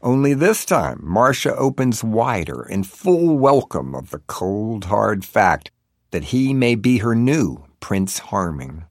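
Gravelly, deep-voiced male audiobook narrator. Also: sing-song, takes it slowly, dry recording, clean studio sound.

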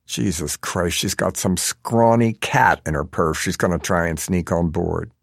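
A man's voice: deep voice, fairly even intonation, measured pace, vocal fry, no room sound, studio quality. A man narrating an audiobook in a wry, sardonic manner.

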